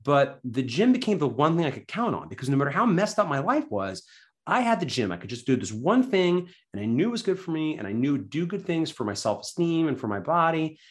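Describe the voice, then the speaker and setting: A man telling his story as a podcast guest, animated and enthusiastic, self-deprecating, full of "like" and "right?". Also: fairly high pitch, fairly quick. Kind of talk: casual storytelling interview.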